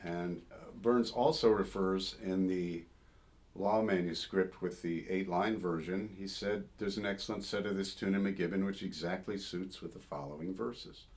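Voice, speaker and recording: Deep-voiced man musing on an old song. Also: steady tone, normal speed, a little mellow. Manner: thoughtful, digressive, sings short phrases to illustrate. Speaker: folk singer and song scholar. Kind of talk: informal spoken commentary on a song.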